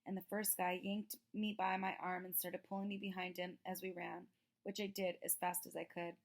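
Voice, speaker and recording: A woman reading a children's novel aloud with steady storytelling. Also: fairly low pitch, vocal fry. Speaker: reader.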